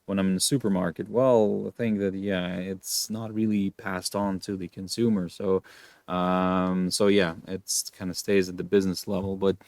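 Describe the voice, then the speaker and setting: Male market host, low voice, dry close sound, casual chart commentary, talks loosely with many fillers. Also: flat delivery, measured pace, darkish tone, no room sound. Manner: loose and chatty, many fillers like "look" and "you know".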